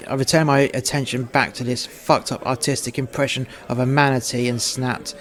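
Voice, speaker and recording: A man's voice: mid-range voice, flat delivery, moderate pace, few pauses, a bit bright. A man reading a first-person story in a blunt, profane, confrontational manner. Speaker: narrator.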